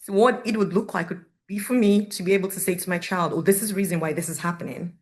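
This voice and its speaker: A woman's voice: lowish voice, fairly even intonation, fast talker, a little mellow. A woman in her thirties, a parent speaking at a community forum, giving candid, earnest personal testimony to an audience. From Canada. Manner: earnest, candid, storytelling with quoted dialogue.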